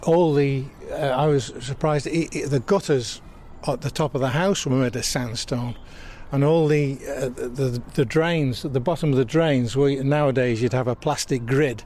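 A man's voice: mid-range voice, moderate pace, few pauses, a little mellow, a little hiss or hum. An older man with a mild Southwest Lancashire accent, reminiscing outdoors in an interview, stumbling and repeating words as he recalls. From England. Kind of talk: reminiscing in casual conversation. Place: outdoors by a church in a town.

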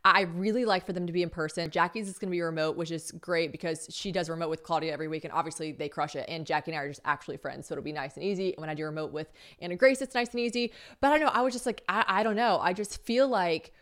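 Fast-talking woman podcast host. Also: lowish voice. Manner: fast, animated storytelling with quoted dialogue and swearing. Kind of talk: solo podcast chat.

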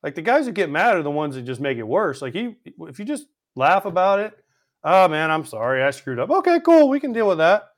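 A man telling animated, profane stories in a casual podcast chat, acting out the quotes. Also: a little high, brisk. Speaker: podcast co-host and former teammate.

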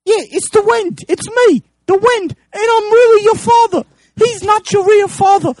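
A man's voice: very high voice, moderate pace, no room sound, voice pushed up. A man doing the cheeky wind spirit. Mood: taunting. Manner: taunting, calls everyone mate.

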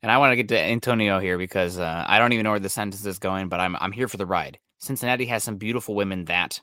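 A man with a somewhat low but bright, forceful voice, recorded dry and close. He talks football fast and analytically, packing in jargon between fillers, in casual podcast chat. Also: dry recording. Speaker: podcast co-host. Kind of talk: casual sports talk. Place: Seattle area.

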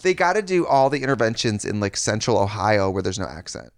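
A man's voice: lowish voice, very animated, fairly quick, no room sound, studio quality. A man co-hosting a podcast, chatting casually and rambling, now and then slipping into put-on voices. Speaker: podcast co-host. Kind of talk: casual comedic chat.

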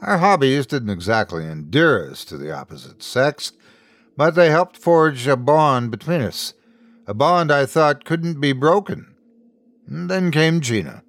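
A man's voice: medium pitch, a little slow, no echo. A man narrating a scripted horror story as host, in a dry, close recording. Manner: storytelling, expressive.

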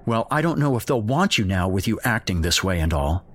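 A man's voice: on the low side, very animated, a little fast. A man voicing a tearful, anxious mother who switches between tender and harsh, in a horror audio story. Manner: soft, pleading, sometimes suddenly harsh.

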